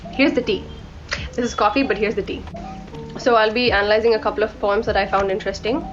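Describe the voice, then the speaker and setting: A woman's voice: medium pitch, steady tone, fast talker. A young woman from India talking casually about books she read, rambling and correcting herself as she goes. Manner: chatty, rambling, corrects herself mid-sentence. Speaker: book vlogger. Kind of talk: casual book review chat. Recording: dull lo-fi audio with faint background music.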